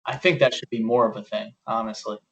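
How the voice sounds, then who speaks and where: A man's voice: fairly low pitch, fairly even intonation, fast talker, dull audio. A young man co-hosting a podcast, talking sports bluntly with plenty of swearing, often mimicking what others said. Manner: blunt, profane, quotes people in mocking voices. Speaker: podcast co-host. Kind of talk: casual sports chat.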